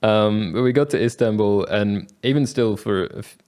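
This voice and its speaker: A man's voice: on the low side, moderate pace, darkish tone. Rambling young man, laughing storyteller. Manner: rambling, laughs often, many fillers and restarts. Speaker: travel vlogger. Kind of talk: casual travel storytelling.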